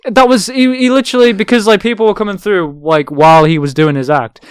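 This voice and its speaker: A young man in his twenties with an English accent, chatting as a guest and telling anecdotes with loud, laughing impressions of the people he met. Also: sits high, fast. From England. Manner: animated, acts out quotes loudly with laughter. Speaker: actor guest. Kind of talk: casual storytelling chat.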